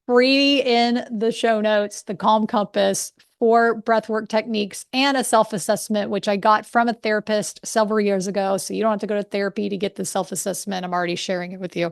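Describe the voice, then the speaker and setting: Podcast host: woman, forties, lively storyteller with a gravelly voice, close dry mic. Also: mid-range voice, dry recording. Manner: animated, laughs often, acts out both sides of a story. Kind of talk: casual storytelling monologue.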